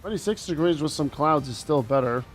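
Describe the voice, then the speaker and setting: A man's voice: fairly high pitch, animated, brisk, soft background music. Chatty male flight sim streamer. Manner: chatty, laughs often, reads comments aloud. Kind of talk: live stream chat reading comments.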